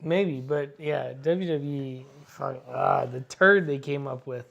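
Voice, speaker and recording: A man's voice: mid-range voice, takes it slowly, creaky, a bit bright. A man co-hosting a casual wrestling podcast, answering in short remarks and laughing often. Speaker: podcast co-host. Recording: dull, muffled sound.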